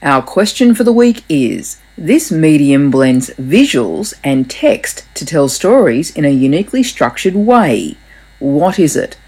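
A woman presenting a radio competition promo in a lively, chatty way. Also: sits low, unhurried, slightly rough.

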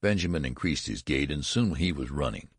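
Very deep, gravelly male narrator. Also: expressive, fairly quick, dry recording, clean studio sound. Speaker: audiobook narrator. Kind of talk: scripted narration.

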